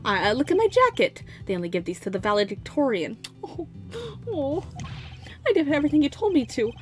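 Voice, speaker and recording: A woman's voice: high-pitched, big pitch swings, a little fast. A woman voicing an eager, insecure young man desperate to please his father, pleading and earnest. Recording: game music faintly behind.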